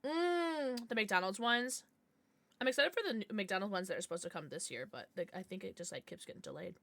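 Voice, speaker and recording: A woman streamer chatting casually on a livestream, bubbly and excitable, swearing now and then. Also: medium pitch, a little fast, creaky.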